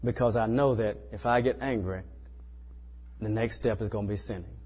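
Man, preacher, husky voice, chatty sermon style, reverberant hall. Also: lowish voice, moderate pace, a little mellow. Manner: conversational, folksy, repeats tag questions like "you know". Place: small church.

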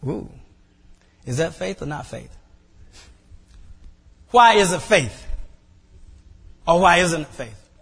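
High-voiced preacher man in a reverberant hall. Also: expressive, slow, creaky, pauses often, fairly bright tone, slightly rough. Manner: preaching with rising emphatic bursts and repeated phrases. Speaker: pastor. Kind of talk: sermon.

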